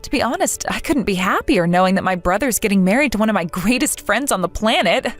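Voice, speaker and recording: A woman's voice: mid-range voice, expressive, fast talker, soft background music, close to an everyday voice. A woman voicing a young woman in a text-message story who is betrayed by her friend, earnest, bewildered and hurt. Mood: heartfelt.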